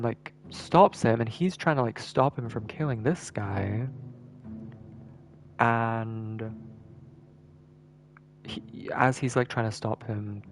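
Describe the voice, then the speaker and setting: A man's voice: mid-range voice, gravelly, slight background noise. A male streamer giving casual gameplay commentary, thinking aloud and repeating words as he works things out.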